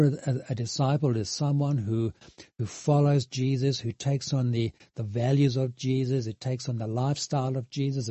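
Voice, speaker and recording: A man preaching a sermon, earnest and halting, with many restarts and emphatic repetition. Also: mid-range voice, mellow, no room sound. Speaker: pastor.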